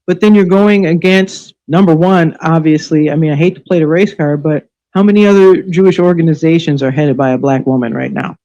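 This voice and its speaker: A woman's voice: low voice, brisk, hardly any pauses, warm tone, highs cut off. A woman hosting a live stream, delivering an angry, sarcastic, profanity-laced rant full of scolding rhetorical questions. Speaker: livestream show host. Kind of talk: ranting live commentary.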